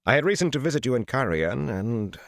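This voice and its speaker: A man reading an audiobook, voicing a menacing man who speaks softly, steely and wry. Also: medium pitch, sing-song, fairly quick, creaky, dry recording, clean studio sound, voice pushed up. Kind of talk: audiobook character voice.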